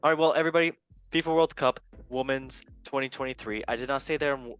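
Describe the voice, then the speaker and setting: Male podcast host, playful goofy banter, mid pitch, light music bed. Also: quick pace, smooth, lo-fi sound. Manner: goofy, playful, jumps between loud and quiet. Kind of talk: casual sports show banter.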